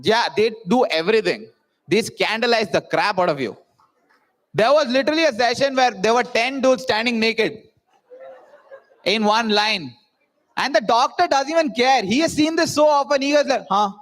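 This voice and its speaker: A man's voice: extremely high pitch, lively intonation, normal speed, a bit bright. A young man from India telling a self-mocking comic story to a live audience, acting out the people in it. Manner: jokey, self-mocking, acts out voices of people in his story. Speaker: speaker at a student event.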